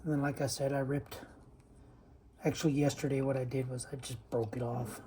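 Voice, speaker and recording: A man talks through a valve repair in a loose, rambling way, as if thinking aloud while his hands are busy. His throat sounds a little choked up. There is clear background noise behind him. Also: mid-range voice, level tone, a little fast, mellow. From Los Angeles County. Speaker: DIY repair vlogger. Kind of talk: casual hands-on how-to narration.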